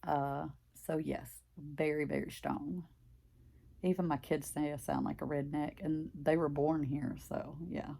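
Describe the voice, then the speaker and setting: Casting: older Southern woman, thick country accent, low gravelly voice, chatty craft vlogger. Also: little pitch movement, a little slow, dark tone. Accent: deep Southern US country. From Mississippi, US. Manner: rambling, chatty, filler-heavy. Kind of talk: casual chat while stitching.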